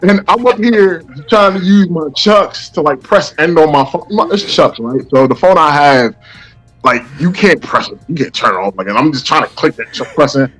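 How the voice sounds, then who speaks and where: A man's voice: a little high, moderate pace, soft background music. A man from the Bay Area, a guest rapper, telling stories animatedly and acting out the voices. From San Francisco Bay Area. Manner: animated, acts out quoted voices. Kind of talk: casual interview storytelling.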